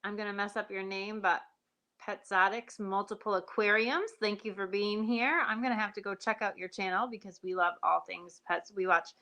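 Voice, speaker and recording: A woman's voice: medium pitch, steady tone, moderate pace, bright, forceful tone, dull audio. A woman farmer hosting a live stream, chatting in a rambling way and greeting viewers by name. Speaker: sheep and goat farmer hosting a livestream. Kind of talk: casual live-stream chat.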